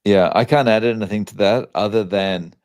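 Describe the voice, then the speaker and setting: A man co-hosting a casual online chat, talking in a relaxed, halting way with pauses. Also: fairly low pitch, smooth. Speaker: co-host.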